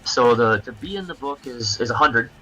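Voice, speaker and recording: A man, a comic book creator guesting on a livestream, chatting casually in halting, rambling explanations. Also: medium pitch, lively intonation, bright, forceful tone, muffled recording.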